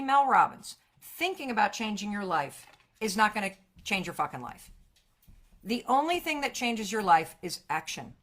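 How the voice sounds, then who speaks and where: Woman motivational speaker on a live stream, punchy and profane, pitch and volume leaping around. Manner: energetic, emphatic, profane, big swings in pitch and loudness.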